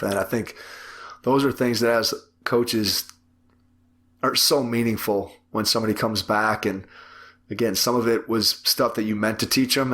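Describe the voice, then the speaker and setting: A man hosting a podcast interview, talking in a measured, reflective way and summing up his guest's points. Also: lowish voice, fairly bright tone. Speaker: podcast host. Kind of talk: casual interview chat.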